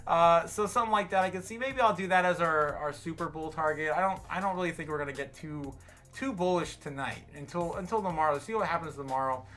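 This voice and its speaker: An American man hosts a livestream, giving casual, slightly tipsy market commentary full of fillers and restarts. His voice is a little high, quick, and sharp, with faint music in the background.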